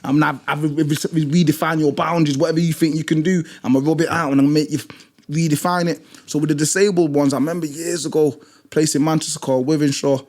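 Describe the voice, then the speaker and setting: A man's voice: a little high, steady tone, quick pace, a little mellow. Emphatic, blunt British man. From Britain. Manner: emphatic, blunt, repeats phrases for force. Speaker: disability gym instructor. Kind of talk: passionate storytelling in conversation.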